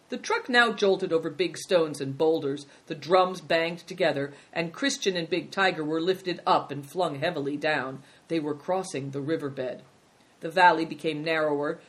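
Steady storybook reader, mid-pitched. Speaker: narrator. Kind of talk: storybook reading.

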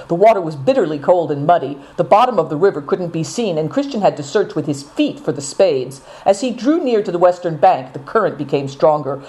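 A woman narrating a storybook in a dramatic, expressive reading. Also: sits low. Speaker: audiobook narrator.

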